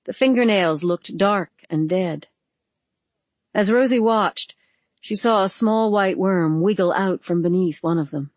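An audiobook narrator giving a measured, dramatic reading of a novel, recorded close. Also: medium pitch, no room sound.

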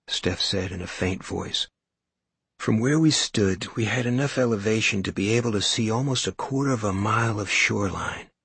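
A man narrating a story in the first person, in an even, measured storytelling manner. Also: on the low side, breathy edge, no echo. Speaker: audiobook narrator.

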